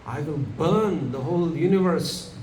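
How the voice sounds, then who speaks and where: A man voicing a boastful, mighty young male god who protects his little brother, speaking slowly and grandly. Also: darkish tone, natural voice. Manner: slow, booming and boastful. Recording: echoey room from far off, background noise.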